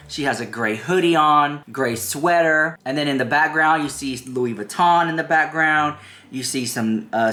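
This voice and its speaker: A man's voice: fairly high pitch, bright, forceful tone, echoey room. A man hosting a drama commentary show, reacting to a clip in a sassy, chatty way and talking straight to his viewers.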